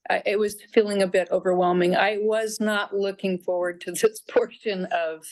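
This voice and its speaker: A woman's voice: mid-range voice, fairly even intonation, normal speed, poor audio. A woman taking part in a group video call, grateful and laughing as she talks. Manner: grateful, laughs while talking. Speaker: course participant.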